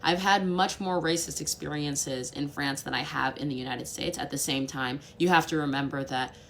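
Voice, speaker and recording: Young woman vlogging, low voice, chatty n blunt, quick asides. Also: a bit bright, slight background noise. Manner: chatty and direct, with quick asides and mocking impressions. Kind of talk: casual talking-to-camera vlog.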